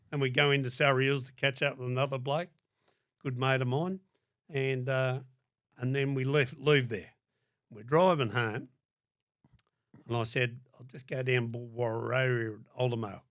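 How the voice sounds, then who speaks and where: Gravelly, blunt older Australian man. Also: medium pitch, fairly even intonation, moderate pace, pauses often, fairly bright tone, dry recording, studio quality. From Sydney, Australia. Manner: blunt, heavy swearing, acts out quoted dialogue. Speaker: podcast guest. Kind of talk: casual storytelling.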